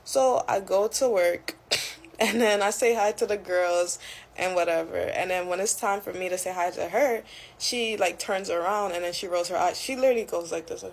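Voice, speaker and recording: A woman's voice: fairly low pitch, normal speed, gravelly, low-quality recording. Chatty young woman telling a story. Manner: chatty, many fillers like "like" and "you know". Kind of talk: casual storytime.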